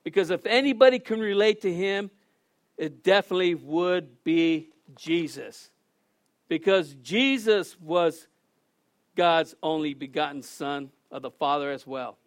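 A man preaching a sermon as pastor, building to impassioned, shouted emphasis and then dropping back to quieter explanation. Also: on the high side, measured pace, no room sound, clean studio sound.

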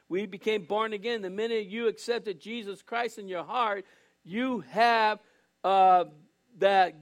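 An older man preaching a sermon as pastor, earnest and direct with the congregation, often restarting and repeating his phrases. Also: high voice.

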